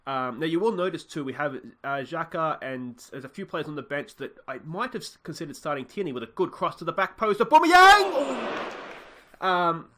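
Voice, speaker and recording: Excitable football-game commentator, bright man. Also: on the high side, fairly quick, few pauses. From Australia. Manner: chatty, excitable, cheers at goals. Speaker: let's play host. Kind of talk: casual gameplay commentary.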